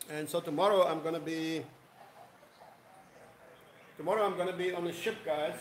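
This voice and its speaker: A man's voice: a little high, a little slow, reverberant, a little hiss or hum, low-quality recording. A man hosting a casual live stream, rambling and greeting viewers by name. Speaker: livestream host.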